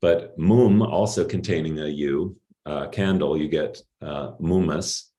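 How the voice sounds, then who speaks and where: A middle-aged man giving an academic linguistics talk in a measured, explanatory way, with some pauses and fillers. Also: a bass voice, mellow. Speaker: linguistics lecturer.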